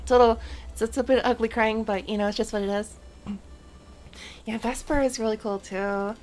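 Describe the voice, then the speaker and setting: A woman's voice: on the high side, fairly even intonation, a little fast, darkish tone, soft background music. A woman streaming a game and chatting casually, rambling in a playful, self-mocking way. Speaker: VTuber streamer.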